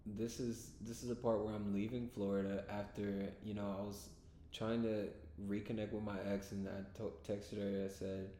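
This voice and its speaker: A man's voice: level tone, normal speed, mellow. A man vlogging, casually telling a rambling story to his own camera mic, with lots of fillers. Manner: rambling, laid-back, full of fillers. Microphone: self-recorded camera mic. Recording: echoey room with faint rumble.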